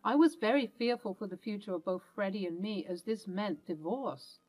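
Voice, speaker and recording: A woman's voice: mid-range voice, normal speed, a little mellow, rough recording. A woman telling a dramatic first-person story in an earnest narrating voice.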